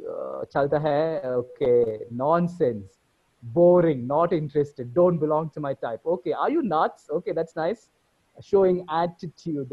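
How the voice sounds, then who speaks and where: Man reading out chat replies. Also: on the high side. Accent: Indian English. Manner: reads out chat comments one by one. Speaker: workshop presenter. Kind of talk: online workshop facilitation. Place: video call from home. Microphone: computer mic on a video call. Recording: dull lo-fi video call audio.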